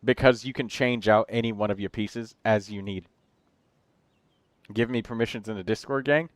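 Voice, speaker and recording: A man's voice: on the low side, fairly even intonation, no room sound. A man hosting a game livestream, chatting casually and rambling through build advice. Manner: chatty, rambling, quick asides to chat.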